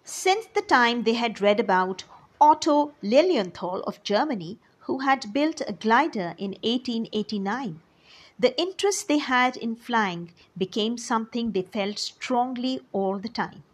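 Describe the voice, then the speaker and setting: Slow-spoken woman teacher, husky voice. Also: on the high side, animated. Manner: slow and explanatory, defining words as she goes. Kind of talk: storytelling lesson for children.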